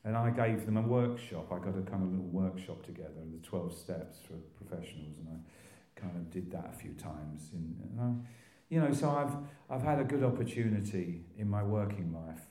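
A man's voice: low-pitched, lively intonation, normal speed, few pauses, warm tone, roomy sound. An older man from England telling his recovery story in a rambling testimony, with restarts and little laughs. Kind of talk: personal testimony talk.

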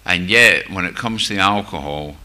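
With a low voice, a sharp tone, and a normal speaking speed, an older man tells a group his personal recovery story. He has a Glasgow-area Scottish accent, comes from near Glasgow, and uses wry humor that pokes fun at himself.

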